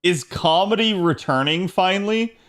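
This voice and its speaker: A man's voice: sits high, normal speed, a bit bright. A man streaming a game, chatting casually with his viewers and laughing often as he plays. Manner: chatty, laughs often, talks to chat while playing. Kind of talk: casual gaming stream chat.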